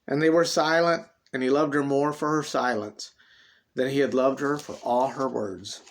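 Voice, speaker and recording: A man reading his own dramatic story aloud, expressive and swinging between loud and hushed delivery. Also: mid-range voice, measured pace, creaky.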